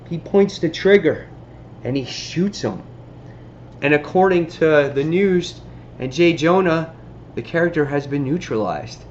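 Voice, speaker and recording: A man casually reviewing a comic book on his vlog, excitably retelling the story. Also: on the high side, highs cut off, slight background noise.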